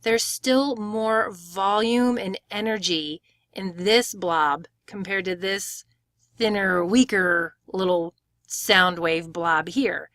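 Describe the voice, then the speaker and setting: Woman, pronunciation teacher, tutorial, clear step-by-step explaining, mid pitch, dry sound. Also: a bit bright, dry recording. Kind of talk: screen-share tutorial.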